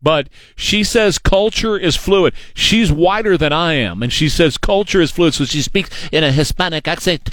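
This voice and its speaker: A man's voice: high-pitched, lively intonation, normal speed, few pauses, a bit bright. A man hosting a political talk radio show, delivering an opinionated, emphatic and mocking monologue into a studio microphone.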